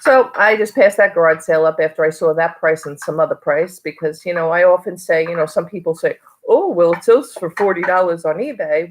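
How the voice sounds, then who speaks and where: A woman's voice: on the low side, brisk. A middle-aged woman from New York talking casually in a haul video, rambling with lots of fillers. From Long Island, New York. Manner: chatty, rambling with many fillers. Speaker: reseller vlogger.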